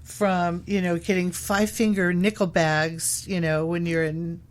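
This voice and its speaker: A woman's voice: fairly low pitch, little pitch movement, a little slow. A woman guest on a talk show, speaking casually and hesitantly with many ums and uhs. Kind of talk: casual chat.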